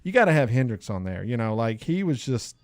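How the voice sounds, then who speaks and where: A middle-aged man co-hosting a podcast in casual chat, emphatic and quick to laugh. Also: mid-range voice, sing-song, no echo. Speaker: podcast co-host.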